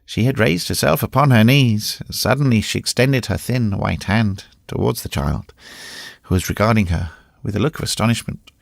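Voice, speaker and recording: Male audiobook narrator, dramatic reading, gravelly, dry close sound. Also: lowish voice, moderate pace, dry recording. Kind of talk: scripted narration.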